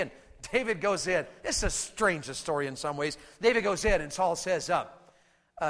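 Male preacher, sermon, high-pitched voice, hushed asides and shouted battle cries, asks congregation to respond, long hall reverb. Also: expressive, normal speed.

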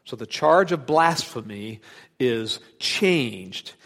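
Animated preacher in a reverberant hall. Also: male voice, medium pitch, slow. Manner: animated, dramatic shifts between loud emphasis and hushed asides. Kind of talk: expository sermon.

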